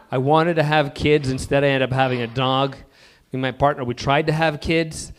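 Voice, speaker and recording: A man from Alberta doing a rambling, self-deprecating stand-up set at an open mic, full of halting fillers. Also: medium pitch, fairly even intonation. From Alberta, Canada.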